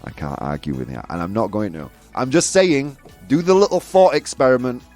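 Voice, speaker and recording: Male host of a live chat show: animated, teasing, laughs a lot, his pitch swinging high and low over faint music. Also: a little fast. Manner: animated, laughs often, provocative asides.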